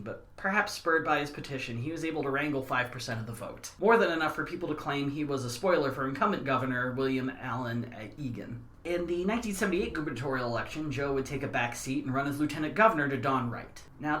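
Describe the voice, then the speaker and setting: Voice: mid-range voice, a bit bright, echoey room. A podcast host reading a history segment, breaking into wry, joking asides. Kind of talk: scripted history narration mixed with casual chat.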